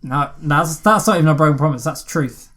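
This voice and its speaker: A woman co-hosting a podcast in easy, casual chat. Her voice sits deep for a woman, and she drifts into joking asides and throws in the odd swear word. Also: brisk, a bit bright. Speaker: podcast co-host. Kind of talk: casual chat about a film.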